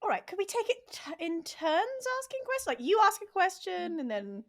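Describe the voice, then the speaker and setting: A woman's voice: very high voice, huge pitch swings, moderate pace. A woman playing in a tabletop game, speaking eagerly as her character. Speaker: player. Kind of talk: tabletop game role-play.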